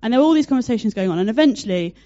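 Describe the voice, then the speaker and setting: A young woman preaching a sermon, telling a personal story in a chatty, animated way with many fillers. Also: on the high side, very fast. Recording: dull lo-fi sound.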